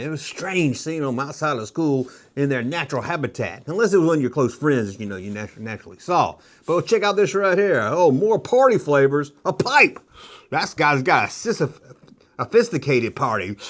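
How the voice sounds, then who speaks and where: Brief: middle-aged man, casual show-and-tell host, higher-pitched, very animated, jokey and rambling. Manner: joking, rambling, slips into quick kid impressions. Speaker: nostalgia toy video host.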